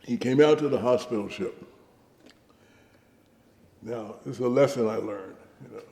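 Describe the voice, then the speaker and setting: Gravelly older man telling war stories. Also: medium pitch, normal speed, echoey room, long reverb tail. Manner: lively anecdotal storyteller, acts out quoted dialogue. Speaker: veteran interviewee. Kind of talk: oral history storytelling.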